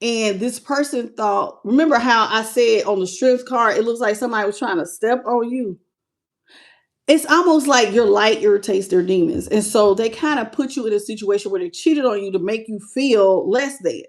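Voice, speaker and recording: A woman's voice: a little high, moderate pace. A woman with a slight country twang, reading tarot on a live stream and greeting her viewers with pet names. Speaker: tarot reader.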